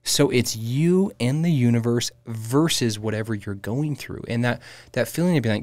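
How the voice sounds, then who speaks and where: A man's voice: medium pitch, normal speed, few pauses, dry recording. A man in his usual mid register, easygoing and conversational, who keeps saying "dude" and "like." He is recorded close on a dry mic with no room sound. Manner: relaxed, says "dude" and "like" a lot. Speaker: podcast co-host. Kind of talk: casual spiritual chat.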